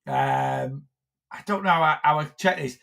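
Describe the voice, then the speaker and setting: A man's voice: fairly high pitch, measured pace, vocal fry, fairly bright tone. A man, a weight loss coach, chatting casually on a phone live stream, rambling with lots of fillers and restarts.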